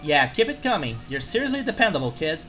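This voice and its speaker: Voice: mid-range voice, very animated, fast talker, faint music behind, low-quality recording. A player doing a brash, tipsy journalist woman. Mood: wry. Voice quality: slurred drunk voice. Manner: loud, emphatic, swings to shouting. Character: tipsy middle-aged female journalist, brash. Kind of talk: reading game dialogue aloud.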